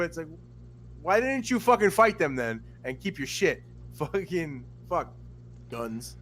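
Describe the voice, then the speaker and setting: A man co-hosting a podcast, in casual profane chat, animated and full of mimicry. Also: fairly high pitch, a little fast. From Miami. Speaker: podcast co-host.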